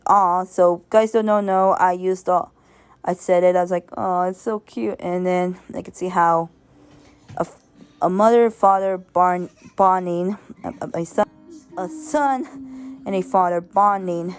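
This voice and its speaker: A woman's voice: lowish voice, fairly even intonation, measured pace, smooth. A woman giving a casual, rambling spoken review, stumbling and restarting often and laughing as she goes. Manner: sentimental, laughs while talking. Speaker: video reviewer.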